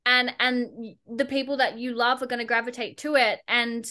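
A young woman chats on a podcast in a casual, blunt way. She is sarcastic and swears freely. Her voice is bright and a little high. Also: steady tone, normal speed. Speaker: podcast guest, entrepreneur.

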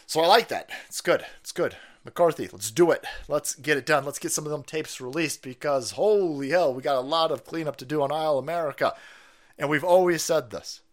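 A man's voice: on the high side, brisk. A middle-aged man hosting a political livestream, ranting in a combative, profane way and laughing often. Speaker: livestream host.

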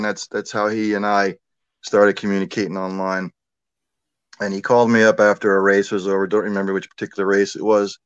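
A man telling a personal story in a relaxed, conversational way, with many fillers and asides. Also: lowish voice, clear, resonant tone, no room sound, lo-fi sound. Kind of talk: casual storytelling.

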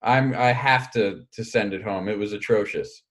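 A man's voice: on the low side, moderate pace, fairly bright tone. A man co-hosting a podcast in casual chat, wry and self-deprecating. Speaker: podcast co-host.

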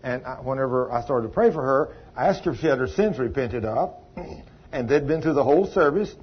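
A man's voice: medium pitch, animated, fairly quick, slightly rough, dull audio. A man preaching a sermon, folksy and emphatic, telling a story with sudden exclamations.

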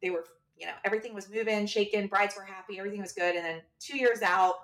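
Woman, podcast co-host, casual storytelling, animated, mid pitch, a bit far from the mic. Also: fast. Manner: animated, acts out quoted dialogue. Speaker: podcast co-host and bridal shop owner.

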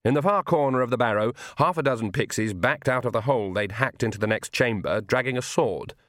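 A man's voice: mid-range voice, no room sound. Man narrating, dry close sound. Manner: even, measured storytelling. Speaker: audiobook narrator. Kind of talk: scripted narration.

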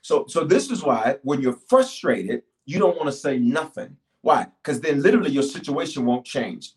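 A middle-aged man preaching and praying on a livestream, calling out to his audience with bursts of shouting and quiet asides. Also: fairly high pitch, moderate pace, few pauses. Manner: energetic, call-and-response, shifts from shouting to quiet. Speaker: pastor. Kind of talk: livestreamed sermon and prayer.

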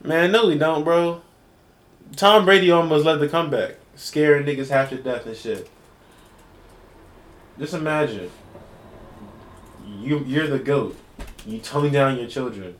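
A young man co-hosting a podcast, loud and profane, teasing his friends in casual banter. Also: a little high, measured pace, long pauses. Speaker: podcast co-host. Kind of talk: casual chat. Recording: echoey room with faint noise.

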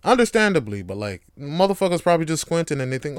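A man's voice: fairly high pitch, big pitch swings, fast talker, smooth, no room sound. A man hosting a casual solo podcast monologue, joking, swearing and laughing often. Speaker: podcast host.

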